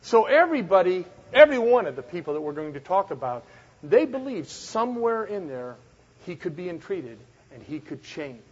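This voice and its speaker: A man's voice: high voice, sing-song, normal speed, darkish tone, breathy edge. A man teaching a Bible study, reading scripture aloud with dramatic emphasis and explaining it in a conversational way. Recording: dull lo-fi recording.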